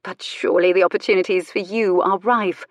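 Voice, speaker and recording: A woman's voice: mid-range voice, fairly even intonation, fairly quick, no room sound, natural voice. A woman voicing a witty, flirtatious disgraced countess who speaks with tart, sweet irony. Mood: arch. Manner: arch, sweetly ironic, tart.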